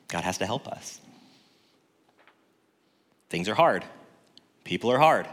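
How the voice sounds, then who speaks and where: A man preaching as a pastor, conversational and joking, swinging from loud to hushed. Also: on the low side. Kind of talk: sermon. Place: church sanctuary. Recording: long reverb in a church hall.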